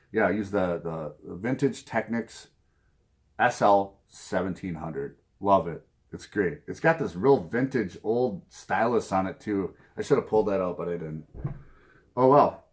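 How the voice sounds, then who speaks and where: A Minnesota man with a local accent and a fairly low, darkish voice talks casually to camera from his home music room. This vinyl-collecting vlogger rambles, chuckling often at his own self-mocking asides.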